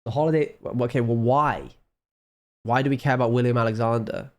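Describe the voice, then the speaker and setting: A man chatting casually on a live stream. He is ill and low on energy, and he rambles, trails off and mocks himself. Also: fairly quick. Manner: rambling, self-mocking, trailing off. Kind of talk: casual chat.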